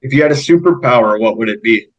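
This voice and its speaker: A Canadian man hosting an interview, asking easygoing questions with halting restarts. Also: mid-range voice, animated, lo-fi sound. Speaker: podcast host.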